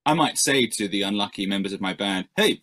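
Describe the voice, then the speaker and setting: A man's voice: on the low side, fast talker, fairly bright tone. A male musician answering interview questions in a rambling, self-deprecating way, with many fillers and restarts.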